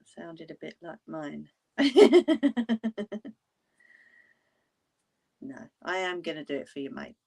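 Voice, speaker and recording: A woman hosts a casual livestream, chatting with her viewers. She talks in an unhurried, drawn-out way with a somewhat low voice. She is blunt and breaks into laughter often. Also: sing-song, vocal fry, warm tone, slightly rough. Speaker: livestream host.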